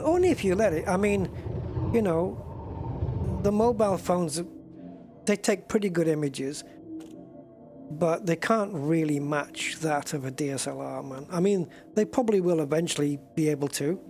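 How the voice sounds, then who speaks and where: A man streaming a space game, chatting in a rambling, casual way and getting easily moved. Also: a little high. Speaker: gaming streamer. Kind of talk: casual gameplay commentary.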